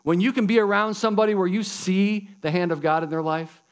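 High-voiced, enthusiastic man preaching. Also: fairly quick, smooth. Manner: casual, enthusiastic preaching, addresses listeners as guys and folks. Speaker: pastor. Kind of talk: sermon.

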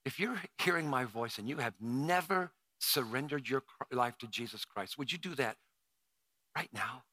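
Guy preaching, emotional storyteller, stumbles and restarts a lot, bright voice. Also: medium pitch, lively intonation, normal speed, dry recording. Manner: emotional storytelling with frequent restarts and repeated words. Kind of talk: sermon with personal story.

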